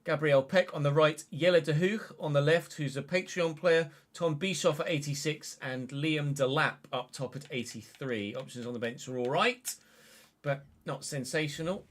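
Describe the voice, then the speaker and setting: A young man giving live commentary over a football video game, calm at times, then swearing and shouting at the game in frustration. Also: fairly high pitch, moderate pace. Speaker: gaming streamer.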